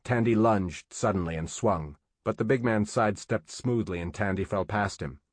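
A man narrating an audiobook in a steady, measured storytelling manner. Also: lowish voice, no room sound.

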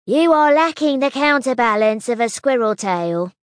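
A tall, clever honeybee who talks like she is doing sums in her head, as a woman reader puts her on. She explains in a measured, matter-of-fact way, with lively rises in pitch. The read is dry and close. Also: smooth, no echo, close to an everyday voice. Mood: explaining. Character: tall clever female honeybee, precise engineer type.

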